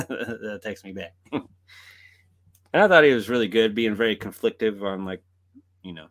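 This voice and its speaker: A man's voice: on the low side, brisk, fairly bright tone. A man co-hosting a podcast, chatting casually about movies, laughing often and swearing freely. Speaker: podcast co-host. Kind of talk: casual chat.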